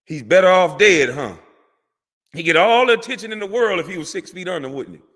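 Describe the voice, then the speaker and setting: A man's voice: high voice, animated, fairly quick, a bit bright. A man, a former pro athlete, delivering a heated, profane, preachy rant to camera that repeats words for emphasis. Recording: long hall reverb.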